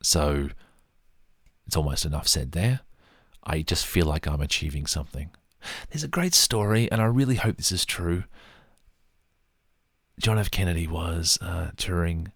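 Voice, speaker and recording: A man's voice: sits low, measured pace, gravelly, long pauses, slightly rough, dry recording, studio quality. A man talking casually through his mug collection in a rambling, self-deprecating way. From Australia. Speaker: vlogger. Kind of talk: casual show-and-tell monologue.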